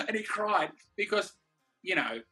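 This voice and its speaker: An easygoing Australian man tells stories over a video call and laughs often. His voice is bright and a little husky, and it sits slightly high for a man. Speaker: comedy co-host.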